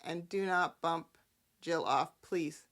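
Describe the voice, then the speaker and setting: A woman hosting a casual soap-opera recap, sassy and animated, often breaking into character quotes. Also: sits low, slow pace. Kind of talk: casual chat.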